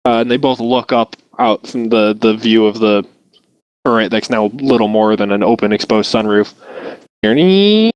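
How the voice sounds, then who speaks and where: A man's voice: lowish voice, little pitch movement, moderate pace, smooth, no room sound, muffled recording. A man acting as game master, describing scenes cinematically in a loose, hesitant way with frequent restarts. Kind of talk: narrating a tabletop game.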